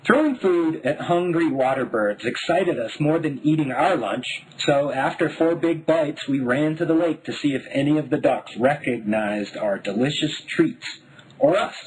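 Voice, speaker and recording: A man from Denver narrating his own memoir in a wry, deadpan voice. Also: fairly high pitch, moderate pace, few pauses, slight background noise, low-quality recording. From Denver, United States. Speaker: memoir author.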